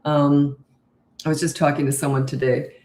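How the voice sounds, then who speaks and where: An older woman who coaches parents, answering viewer questions live in a calm, unhurried, low and slow way. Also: roomy sound.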